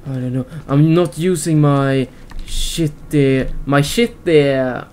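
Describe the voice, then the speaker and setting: A man giving let's play commentary on a horror game as a gaming YouTuber. He yells in fright at the game and cracks goofy jokes. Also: fairly high pitch, takes it slowly, a little hiss or hum.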